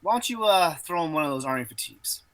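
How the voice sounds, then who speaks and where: A man's voice: on the high side, animated, quick pace, a bit bright, pitched above the performer's own voice, poor audio. A man voicing an impatient army captain who barks orders and curses. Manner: barking orders, cursing.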